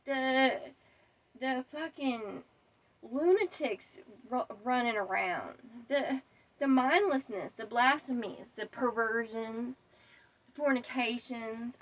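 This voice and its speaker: A woman's voice: sits high, recorded from a distance, dull audio. A woman delivering a defiant, profane rant straight to camera. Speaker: vlogger. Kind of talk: angry monologue to camera.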